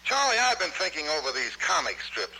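A man's voice: on the high side, wildly swooping pitch, brisk, low-quality recording. An actor playing an eager radio writer who coaches his partner through the voices. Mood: brainstorming. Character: eager male radio writer, inventing characters. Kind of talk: period film acting.

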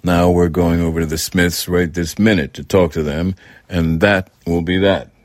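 A man's voice: sits low, flat delivery, normal speed, no echo, clean studio sound, lightly acted. A man voicing a blunt, irritated father in a storybook reading, speaking in a curt, dismissive way.

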